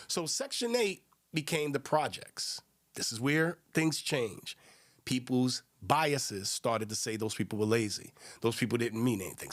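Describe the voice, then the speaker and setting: New man, podcast host, lively pitch, emphatic conversational delivery, leans on rhetorical questions. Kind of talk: solo podcast commentary.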